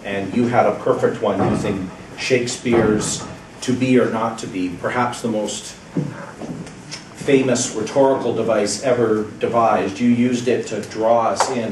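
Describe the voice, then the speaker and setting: A man giving an encouraging, measured evaluation of a speech at a club meeting, pausing deliberately between points. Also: fairly low pitch. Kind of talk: prepared feedback speech. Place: meeting room, speaking at a lectern. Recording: roomy, distant, faint background hiss.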